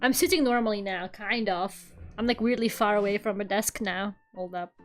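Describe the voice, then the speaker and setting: A woman's voice: medium pitch, normal speed, soft background music. A woman streaming while she draws, chatting in a rambling way, swearing freely and laughing often. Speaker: streamer drawing live. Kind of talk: casual chat while drawing.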